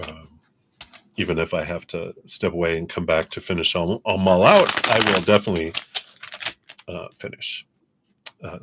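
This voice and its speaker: A man with a fairly low voice hosts a livestream tarot reading. He talks in an easy, chatty way and laughs often. His tone stays upbeat as he offers gentle spiritual encouragement. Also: slight background noise. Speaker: tarot reader.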